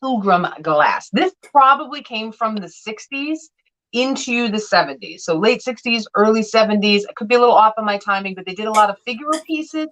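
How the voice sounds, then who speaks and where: A woman's voice: mid-range voice, a bit bright, rough recording. A woman selling vintage glass on a live sale, chatting and telling stories with playful voiced quotes.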